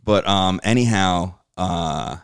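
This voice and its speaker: A man's voice: low voice, takes it slowly, gravelly, clear, resonant tone, no room sound, clean studio sound. A male comedian telling a story on a casual podcast. He swears freely and acts out other people's lines as he goes. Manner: animated, swears freely, acts out quoted dialogue. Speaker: guest comedian.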